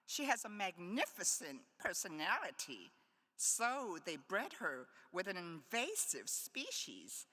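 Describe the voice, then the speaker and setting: Bright, lively woman poet reading. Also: medium pitch, takes it slowly. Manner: playful, wry asides between poems. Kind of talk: live poetry reading. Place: conference hall. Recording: long hall reverb.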